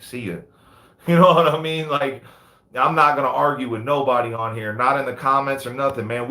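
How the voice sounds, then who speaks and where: His voice is mid-range, pushed and bright, with a roomy sound as this man in his thirties hosts a laid-back live chat indoors under big lights. A livestream host who also breeds dogs, he keeps dropping "man" and "you know what I mean."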